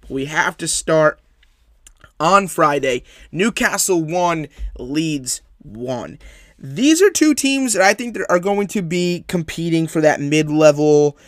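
A man's voice: fairly high pitch, expressive, takes it slowly, no room sound, clean studio sound. A man hosting a solo sports podcast, recapping match results and making emphatic, opinionated predictions that he repeats for weight.

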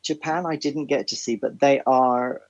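A man's voice: mid-range voice, fairly even intonation, normal speed, dry recording, highs cut off. A man, a theatre writer and composer, telling anecdotes as a guest in a casual interview, with many restarts and fillers. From Ireland.

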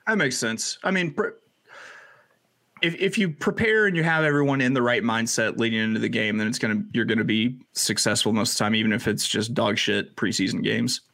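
A man co-hosting a sports gambling podcast talks in an animated, stop-start way and swears for emphasis. His voice sits at a middle pitch. The recording is dry with no room sound. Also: a little fast, gravelly, no echo. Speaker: podcast co-host. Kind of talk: casual sports chat.

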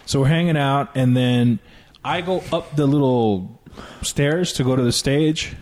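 A man comedian telling a story in a casual, profane, animated way on a podcast. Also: mid-range voice, unhurried. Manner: profane, animated, laughing through the tale.

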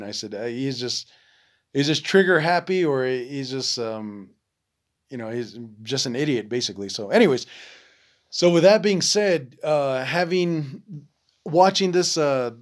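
A man's voice: medium pitch, unhurried. A man hosting a podcast, telling a story in a rambling casual way with many fillers, swear words and acted-out quotes. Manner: acts out quoted voices in lively bursts. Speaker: podcast host.

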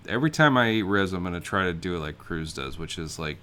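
A man's voice: low voice, animated, quick pace, few pauses, bright, forceful tone, clean tone. A man co-hosting a podcast, spinning rambling absurd stories in casual comedic chat. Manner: rambling, absurd storytelling with fillers. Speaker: podcast co-host.

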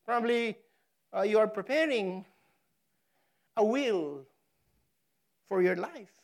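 Slow, emphatic woman preaching a sermon. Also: mid-range voice, expressive. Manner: emphatic, dramatic pauses on key words; slow, deliberate delivery. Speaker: pastor.

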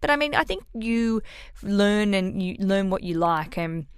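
A woman's voice: medium pitch, lively intonation, a little slow, clean tone, no echo, clean studio sound. A woman with an Australian accent, hosting a podcast in casual, swearing, self-mocking chat. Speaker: podcast host.

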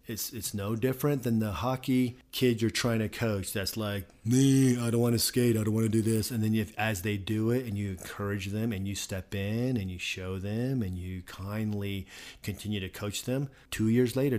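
A man talks on a podcast in an emphatic, pastoral way, often repeating himself to drive a point home. His voice is on the low side. He speaks directly to the men listening. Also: darkish tone. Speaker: podcast co-host, company founder. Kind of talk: casual podcast conversation.

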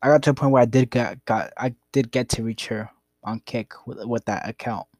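A man's voice: mid-range voice, fairly even intonation, a little fast, darkish tone, no echo. A young man casually telling a rambling, profane story about his past. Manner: rambling, profane, laid-back.

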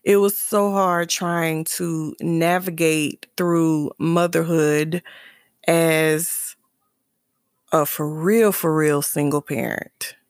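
A woman's voice: low voice, fairly even intonation, takes it slowly, smooth, no echo, clean studio sound. A woman candidly telling a personal story about her son and his father, earnest and emotional, often restarting and repeating phrases. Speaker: mother sharing a personal story.

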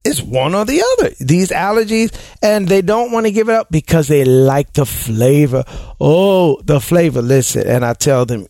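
A man hosting a casual advice talk show, talking in an animated way and slipping into exaggerated impressions of people. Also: a little high, moderate pace, no echo, clean studio sound.

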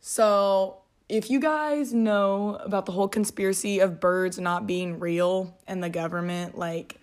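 A woman hosts a casual solo podcast from her home. She rambles in a chatty way, full of fillers and restarts, and is clearly amused by her own jokes. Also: mid-range voice, steady tone, unhurried. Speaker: podcast host. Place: at home, alone.

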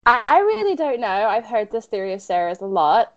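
A woman's voice: on the high side, very animated, fairly quick, lo-fi sound. A woman co-hosting a casual podcast who thinks aloud, hesitant and full of restarts. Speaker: podcast co-host. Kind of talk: casual chat.

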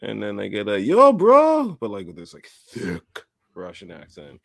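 A man's voice: sits low, normal speed, vocal fry, dry recording. A young man co-hosting a podcast, telling stories in a casual chat, laughing often and acting out the people in them. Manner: animated storyteller, acts out voices, laughs often. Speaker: podcast co-host.

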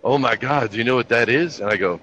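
Chatting casually, a man in his fifties delivers army stories with a laid-back, cussing wryness. His mid-range voice is fast and fairly bright, and the dull lo-fi audio carries faint ambience plus slight hiss or hum.

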